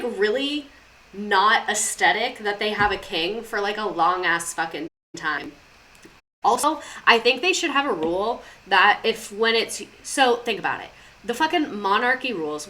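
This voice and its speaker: Bright-voiced young woman. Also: on the high side. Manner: chatty, swears a lot, goes off on tangents. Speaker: streamer. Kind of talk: casual chat, live stream.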